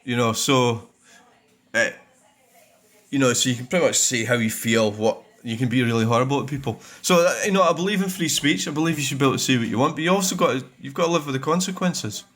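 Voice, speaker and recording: Scottish man, middle-aged, host-style comment review, blunt, sweary, meandering, average pitch. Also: fast talker, a bit bright. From Scotland. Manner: rambling, blunt, swears freely. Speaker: dashcam channel host. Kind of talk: casual vlog talk while reviewing comments.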